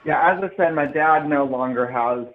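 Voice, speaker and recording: A man's voice: fairly high pitch, moderate pace. A young man from Seattle calling in to a radio show, chatting earnestly in a slightly formal way. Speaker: caller. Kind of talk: casual chat. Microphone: phone. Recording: tinny phone line.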